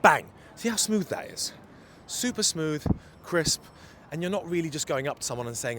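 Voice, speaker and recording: A man's voice: a little high, lively intonation, normal speed, fairly bright tone, slight background noise. Emphatic man vlogging on a city street. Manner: emphatic, repeats key points. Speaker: dating coach. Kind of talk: walking vlog advice. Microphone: handheld phone.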